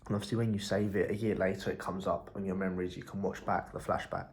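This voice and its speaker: Brief: young entrepreneur, low-ish voice, loose rambling vlog talk, blunt with casual swearing. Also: male voice, flat delivery, quick pace, creaky. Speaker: entrepreneur vlogger.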